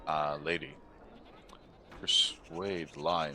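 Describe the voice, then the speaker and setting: A man's voice: very deep voice, measured pace, sharp tone, slight background noise. A man giving casual let's-play commentary, joking, exclaiming and reading his choices aloud. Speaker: gaming channel host.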